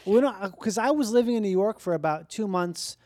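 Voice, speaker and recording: A man's voice: sits high, animated, fairly quick, a little mellow, dry recording. A man hosting a casual comedic chat, playful and riffing in mock accents.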